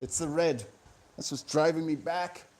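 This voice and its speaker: A man in a profane, sardonic, rambling comic monologue that swings between loud outbursts and low mutters. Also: unhurried. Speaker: vlogger. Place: room indoors with electric fans.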